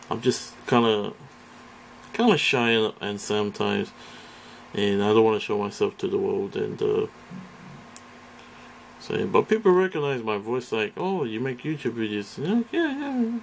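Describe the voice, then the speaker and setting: A man's voice: lowish voice, vocal fry, slight background noise. A man from Britain ranting in a casual vlog, profane and rambling, hesitating often. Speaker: vlogger. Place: indoors, face off camera.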